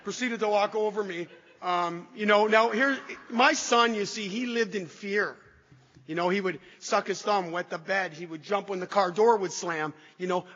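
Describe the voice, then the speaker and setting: A man's voice: high voice, bright, forceful tone. Man telling his story in a hall. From Canada. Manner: emotional, halting, with repeated restarts. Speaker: recovery speaker. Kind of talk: personal testimony talk to an audience. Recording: dull echoey hall recording.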